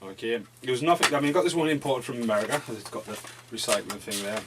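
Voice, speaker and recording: A man talks through a pile of movies in a loose home vlog, rambling from one thought to the next and swearing freely. His voice sits at an ordinary middle pitch. A faint background hiss sits under the recording in his dim room. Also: fast talker. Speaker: movie reviewer. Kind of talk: casual movie review vlog.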